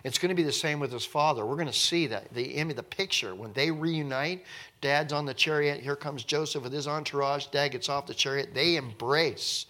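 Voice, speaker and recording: A man leading a casual Bible study, rambling and animated, acting out the people in the passage. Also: a little high, a little fast. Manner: rambling, animated, acts out the people he talks about.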